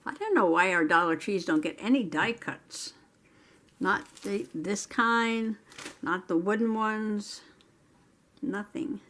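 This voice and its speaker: A woman's voice: mid-range voice, slow pace, fairly bright tone. A middle-aged woman hosting a casual crafting vlog, chatting to herself as she works, sometimes dropping into whispered asides. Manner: chatty, talking to herself while working, some whispered asides. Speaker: crafting channel host. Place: home craft table.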